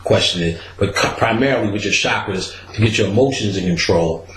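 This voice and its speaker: Animated man telling a story in an echoey room. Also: a little fast, a little hiss or hum. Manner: animated, acts out quotes with big pitch jumps and laughter. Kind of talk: casual storytelling.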